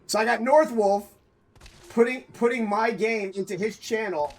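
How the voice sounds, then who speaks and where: Excitable high-voiced man streaming games. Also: normal speed. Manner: excitable, swears freely, bursts into loud outcries. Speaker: game streamer. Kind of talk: casual live-stream chat.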